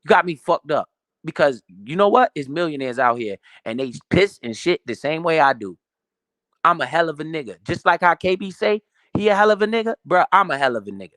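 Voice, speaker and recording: A man's voice: on the high side, lively intonation, fairly quick, fairly bright tone, no room sound, studio quality. A man giving a profane, emphatic motivational rant about money in a casual way. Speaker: motivational finance streamer.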